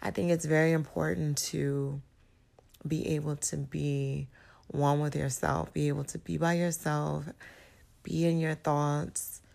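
A woman with a low, gravelly voice hosts her podcast in a casual motivational monologue. She sounds raspy and hoarse from recent illness, speaking slowly and reflectively, pausing to search for her words. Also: level tone, a little mellow. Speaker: podcast host.

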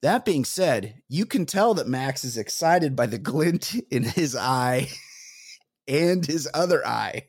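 A man's voice: mid-range voice, lively intonation, slow pace, breathy edge, dry recording, clean studio sound. A man co-hosting a comedy podcast, reading listener mail and rambling while laughing at his own jokes. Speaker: podcast co-host.

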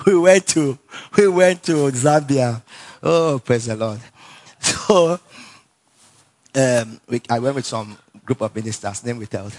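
A man with a Nigerian accent preaching a sermon in an animated storytelling way, laughing often, repeating phrases and calling for responses from the congregation. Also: medium pitch, slow.

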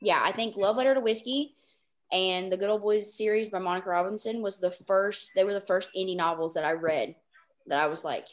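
An excitable woman hosts a casual book podcast. She gushes and rambles quickly with plenty of fillers. Her voice sits at a middle pitch for a woman. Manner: excitable, gushing, fast rambling with many fillers. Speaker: podcast host.

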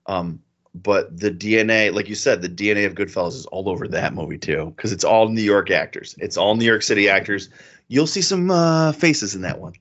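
A man co-hosting a podcast in casual chat, animated, swearing and acting out quotes as he tells stories. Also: fairly low pitch, fairly quick, highs cut off. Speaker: podcast co-host.

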